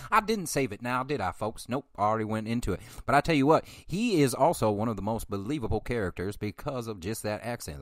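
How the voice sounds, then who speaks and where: A man's voice: on the low side, no room sound, studio quality. A man hosting a podcast, rambling through a casual film review with profane, self-deprecating asides and chuckles into a microphone. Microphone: studio microphone.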